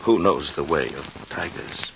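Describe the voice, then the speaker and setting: An actor playing a sly, scheming village man who feigns grief and talks smoothly and evasively, in an old radio drama. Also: extremely low pitch, measured pace, noisy background. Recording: dull lo-fi old radio recording.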